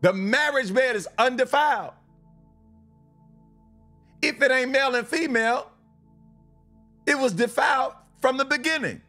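Fervent high-voiced man preaching live. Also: a little slow, long pauses, bright, forceful tone, soft background music. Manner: fervent, repeats and restarts lines, switches to blunt asides. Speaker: preacher hosting a live stream. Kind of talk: live-stream sermon and Bible reading.

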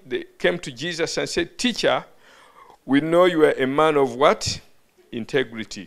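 A man's voice: medium pitch, vocal fry, a bit bright. A man preaching a teaching sermon to a live audience in a hall, often calling questions out to listeners and stumbling over words. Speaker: bishop preaching.

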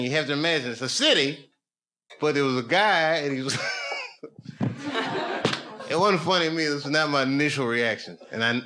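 On a comedy club stage, a man tells loose, rambling stand-up stories, sinking into low mutters before rising into loud, excited bursts. The live club recording is noisy.

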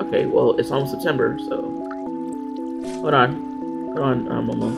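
A man's voice: mid-range voice, fairly even intonation, normal speed, creaky, music in the background. A man casually commenting while he plays a video game. He chats away, stumbles over his words and lights up at cute moments. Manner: chatty, stammering, easily delighted. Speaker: gaming channel host.

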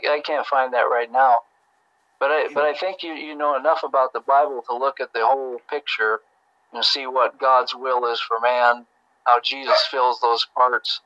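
A man's voice: medium pitch, bright, forceful tone, dry recording. Hesitant man on a dull phone line. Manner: hesitant, halting, searching for words. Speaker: Jehovah's Witness caller. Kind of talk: phone debate.

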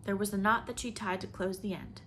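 A woman reading a novel aloud in measured, expressive storybook narration. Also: medium pitch, slight background noise. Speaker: audiobook reader.

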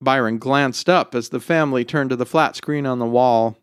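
A man narrating a short story in a measured, expressive storytelling delivery. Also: medium pitch, smooth, no room sound, clean studio sound. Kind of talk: scripted narration.

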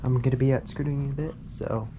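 Young guy vlogging, rambly and chill, lots of ums, mid pitch, bit of background hiss. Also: fairly even intonation, fast, mellow. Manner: rambling, friendly, lots of fillers. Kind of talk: casual vlog chat. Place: outdoors at his grandparents' house. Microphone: action camera worn on body.

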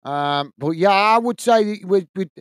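A man's voice: high-pitched, lively intonation, moderate pace, clear, resonant tone, dry recording. A man hosting a football watch-along, giving live commentary and chatting with viewers, full of fillers and restarts.

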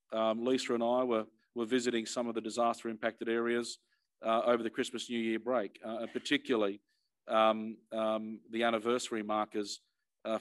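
Earnest middle-aged Australian man. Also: medium pitch. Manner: earnest, emphatic, repeats words as he restarts. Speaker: fire and emergency commissioner. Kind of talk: earnest personal address.

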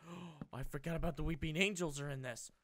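A man thinking aloud while playing a game, excitable and quick to swear, moving from low mutters to sudden excited outbursts. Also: slight background noise. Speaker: Let's Play host. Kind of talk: gameplay commentary.

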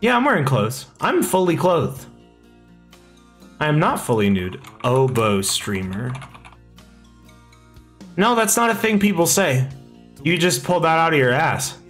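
Excitable swearing male streamer, lively voice. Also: fairly high pitch, moderate pace. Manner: excitable, swears a lot, reads chat aloud. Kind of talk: casual live-stream chat. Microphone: desk microphone. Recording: faint music behind, slightly echoey mic.

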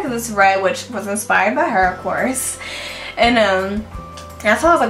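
A woman in her late twenties from Houston, a beauty vlogger gushing through an excited story and acting out the voices of the people in it. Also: mid-range voice, moderate pace, reverberant, faint music behind. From Houston, Texas. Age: 20s. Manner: gushing, animated, acts out voices in quotes.

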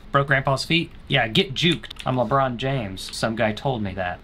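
A man's voice: medium pitch, takes it slowly, a little hiss or hum. A young man commenting on a horror game as he plays, teasing the characters, joking and letting out panicked yelps. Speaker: gaming streamer. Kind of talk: let's-play commentary. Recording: loud game music behind.

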